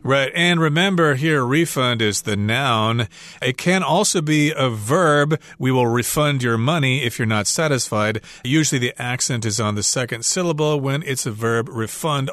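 An American man co-hosting an English lesson, explaining usage in a friendly way and pausing on word stress. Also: medium pitch, fairly bright tone, no echo. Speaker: English teacher and co-host.

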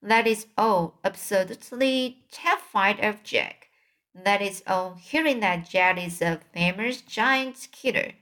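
Woman whispering as a gentle, friendly old giant. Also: mid-range voice, unhurried, natural voice. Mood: hushed. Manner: soft whispering, muddled grammar. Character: big friendly old male giant, gentle and odd-spoken. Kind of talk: storybook read-aloud.

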